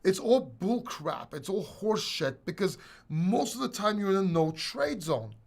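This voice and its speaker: A man's voice: high voice, sing-song, measured pace, vocal fry, darkish tone. A man hosting a casual crypto livestream, reading and answering chat questions in a blunt, rambling way with restarts and swearing.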